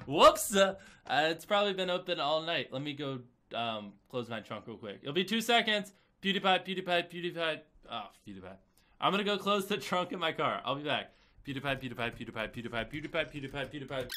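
A young man with a cold talks casually to his viewers, and his pitch swings widely. His voice is bright and forceful. He repeats a chant and breaks off into sudden shouts and quick mumbled asides. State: has a cold. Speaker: video creator. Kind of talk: casual chat.

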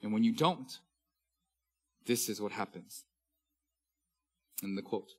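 A man in his thirties preaching a sermon as pastor, swinging from loud, declaimed scripture readings to hushed, intimate asides. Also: lowish voice, takes it slowly, long pauses, slightly rough, soft background music.

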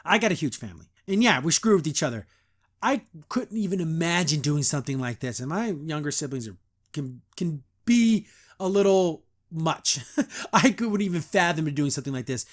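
Young guy podcasting, kinda high voice, chatty and excited, laughs a lot. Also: normal speed. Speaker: podcast host. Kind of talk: casual episode review.

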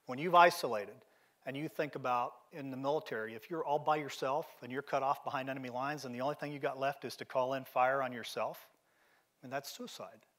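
A man's voice: mid-range voice, fairly quick, fairly bright tone. Emphatic middle-aged male keynote speaker. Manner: direct, emphatic storytelling. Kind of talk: motivational seminar talk. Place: seminar venue.

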